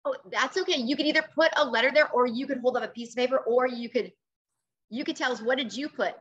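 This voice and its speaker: A woman teacher reading a picture book aloud to children over a video call, expressive and coaxing, pausing to ask questions. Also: high voice, dull audio.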